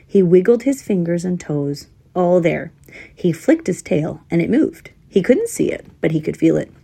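A woman's voice: on the low side, big pitch swings, normal speed, gravelly, dark tone, slightly rough. A woman narrating a children's storybook aloud, with wry, dry asides to the listener.

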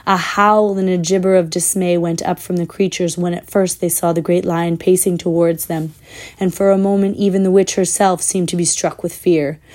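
A woman reading a children's fantasy book aloud in a measured, expressive way, with the odd slip. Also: fairly low pitch. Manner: measured, expressive, with small slips. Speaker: storyteller.

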